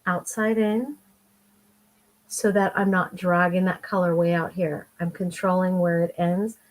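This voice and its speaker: A woman's voice: lowish voice, level tone, unhurried. A middle-aged woman giving a chatty, enthusiastic makeup tutorial while she applies her eyeshadow. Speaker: makeup vlogger.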